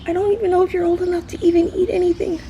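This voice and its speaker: Racing along in an extremely high, mellow voice with little pitch movement, a woman shoots a spontaneous casual vlog outdoors by a tree below an apartment. The handheld camera phone picks up a little hiss or hum, along with her heavy breathing, flustered repetition, shakiness and lapses into whispering.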